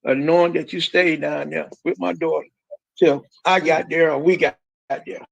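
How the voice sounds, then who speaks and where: A man's voice: on the high side, steady tone, moderate pace, vocal fry, dry recording, dull audio. A middle-aged man, a grieving father, speaking emphatically as a guest and repeating himself.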